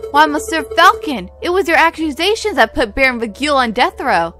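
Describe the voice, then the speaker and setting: A woman's voice: sits high, expressive, moderate pace, bright, forceful tone, soft background music. A woman voicing a cruel, mocking noblewoman in a game. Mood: sneering. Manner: sneering.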